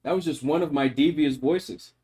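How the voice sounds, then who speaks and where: Male streamer, animated and mock-solemn into his mic, slightly high voice. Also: normal speed. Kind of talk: casual livestream chat. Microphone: microphone.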